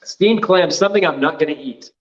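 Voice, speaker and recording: A man joins a casual chat as a guest over a video call, somewhat high-pitched. He is easygoing and jokes at his own expense, and his sound comes through muffled and lo-fi. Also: brisk, a crowd in the background. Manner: easygoing, joking, self-deprecating.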